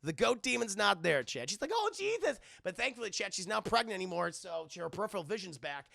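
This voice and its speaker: Young male streamer, gravelly and bright, rambling profane recap, dry mic. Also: sits high, lively intonation, fast, dry recording. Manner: rambling, hesitant, swears often. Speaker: streamer reviewing a film with live chat. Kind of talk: casual profane movie recap.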